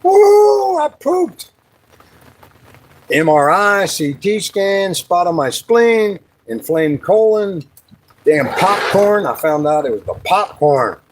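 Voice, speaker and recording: Lively joking man chatting outdoors. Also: slow, slight background noise, low-quality recording. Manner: rambling, joking, breaks into high sing-song bits. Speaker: livestream host. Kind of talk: casual livestream chat. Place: outdoors by the water, fishing.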